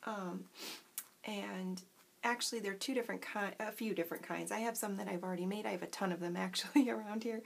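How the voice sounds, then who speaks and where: A woman's voice: mid-range voice, steady tone, fairly quick, vocal fry. A woman vlogging a casual craft tutorial from home late at night, chatty and self-deprecating, giggling often and talking around a cough drop.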